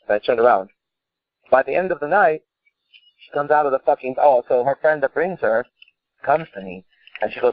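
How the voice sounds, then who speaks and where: A man's voice: a little high, a little fast, dry recording. A man co-hosting a call-in podcast, telling a story in an intense, profane, emphatic way. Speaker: podcast co-host. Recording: tinny phone-like sound.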